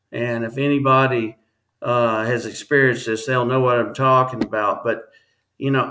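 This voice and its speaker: A man, a guest on an interview podcast, telling a personal story in an earnest, halting way with many restarts. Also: mid-range voice, bright, forceful tone.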